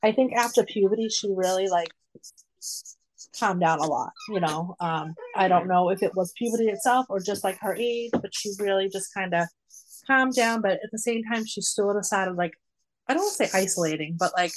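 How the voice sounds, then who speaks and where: A woman in her forties telling a long personal story in a casual, rambling way, full of fillers and lively quoted asides. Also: mid-range voice, moderate pace, low-quality recording. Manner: rambling, many "like" fillers, animated when quoting. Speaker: mother of a nonverbal daughter, guest.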